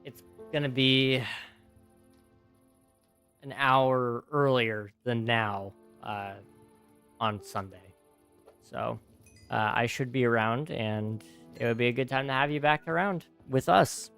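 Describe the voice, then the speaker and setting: A man's voice: mid-range voice, slow pace, pauses often, fairly bright tone, smooth, soft background music. Easygoing rambling young man streaming. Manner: easygoing, rambling, reads chat aloud and answers it. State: tired, yawning. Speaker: gaming streamer. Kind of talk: casual livestream chat while gaming.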